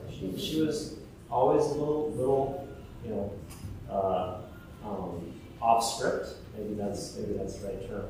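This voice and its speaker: A man's voice: medium pitch, a little mellow, a little hiss or hum. Man giving a eulogy in an echoey hall. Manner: hesitant and fond, with many fillers. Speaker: eulogy speaker. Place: large funeral hall. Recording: echoey hall, mic far off.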